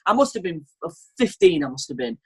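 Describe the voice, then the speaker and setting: A man's voice: a little high, big pitch swings, fairly quick, a little mellow, breathy edge. A man co-hosting a podcast in casual, self-deprecating chat with loose swearing. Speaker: podcast co-host.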